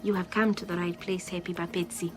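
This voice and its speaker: A woman's voice: on the low side, little pitch movement, fairly quick, music in the background, lightly acted. A woman playing Mma Ramotswe, kindly detective. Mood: sympathetic, firm. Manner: warm, teasing, formal phrasing. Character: cheerful, kindly middle-aged woman detective of traditional build.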